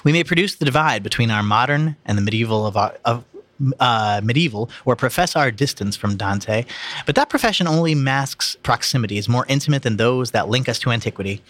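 A man with a bright, forceful voice reads a scholarly introduction aloud on a casual podcast. He trips over long words and restarts them, then breaks into swearing and laughter. The sound is dry and close. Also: mid-range voice, animated, brisk, no room sound. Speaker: podcast host reading aloud.

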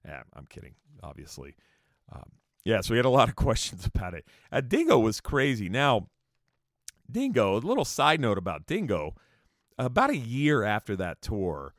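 A man's voice: medium pitch, huge pitch swings, moderate pace, no echo, studio quality. A man telling casual, profane tour stories in a rambling way with joking asides. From California. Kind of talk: casual storytelling monologue.

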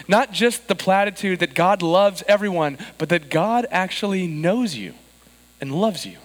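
A man in his thirties preaches a sermon in a church with a long, ringing reverb. His voice sits a little high for a man. He tells a story and gives the people in it lively, animated voices. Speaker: pastor. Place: church sanctuary.

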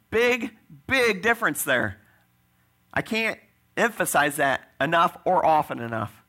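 Gravelly, bright-toned preaching man. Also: on the high side. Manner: conversational preaching with frequent "right?" asides. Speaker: pastor. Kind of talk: sermon.

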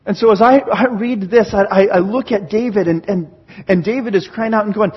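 Male pastor, earnest sermon delivery with restarts, slightly husky, muffled lo-fi capture. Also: high voice, brisk. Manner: earnest, repeats words while thinking aloud. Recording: dull lo-fi sound.

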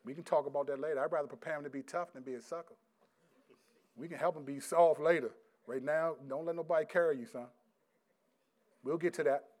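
A middle-aged male pastor preaching a sermon, reading scripture loudly and slowly, then dropping into quiet, casual stories about his sons. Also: on the high side, fairly even intonation. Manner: swings from loud emphatic scripture reading to quiet storytelling.

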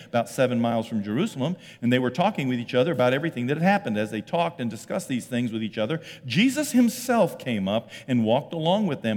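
A man preaching a sermon as pastor, animated, swinging loud and high for emphasis, then dropping low and quiet. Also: long reverb tail. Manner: animated, jumps in pitch and volume for emphasis.

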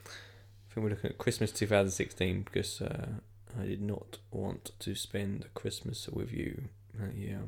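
A man's voice: lowish voice, flat delivery, moderate pace, creaky, breathy edge. A man hosting a podcast in rambling, jokey casual chat. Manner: rambling, jokey, lots of fillers. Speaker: podcast host.

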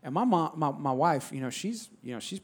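Male pastor, slightly high voice, conversational and emphatic sermon delivery. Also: animated, fairly quick, slight background noise. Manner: repetitive, emphatic, conversational, calls to the congregation.

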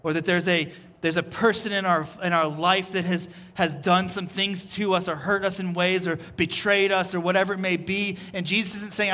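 A man's voice: sits high, fairly even intonation, moderate pace, hardly any pauses, pushed and bright. A man preaching a sermon as pastor, earnest and repeating his phrases as he builds each point. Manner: earnest, repeats phrases, voices Jesus in quotes. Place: church service.

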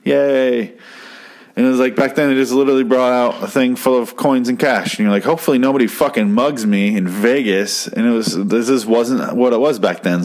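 A man casually recapping a story in a profane, rambling way, often correcting himself. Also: fairly low pitch. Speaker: comedian recapping a show.

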